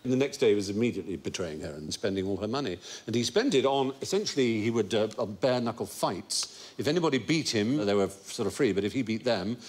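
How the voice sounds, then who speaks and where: A man's voice: on the low side, fast, hardly any pauses. A man hosting a comic quiz show, telling stories with wry, learned asides. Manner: lively, erudite storytelling with asides.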